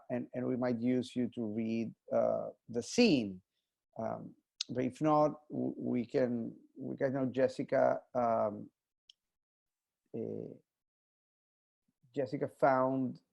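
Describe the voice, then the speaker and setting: A theater director hosting a panel over a video call, talking in a halting way with many fillers and restarts. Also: male voice, medium pitch, creaky, a little mellow. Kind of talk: casual video-call chat.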